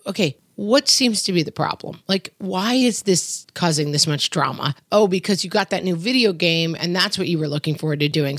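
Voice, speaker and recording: A middle-aged woman speaks firmly and emphatically in a relaxed podcast chat. Her voice sits a little low for a woman. The recording is dry and close, with no room sound. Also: dry recording. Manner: firm, emphatic, acts out quotes in animated voices. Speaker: podcast co-host. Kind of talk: casual parenting chat.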